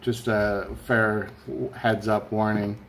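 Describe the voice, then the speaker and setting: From a room at home where a fan is running, a man hosts a casual live stream chat, rambling along and reading viewer comments aloud. His voice is on the low side and a bit bright, with little pitch movement and a slow pace. A little hiss or hum is audible.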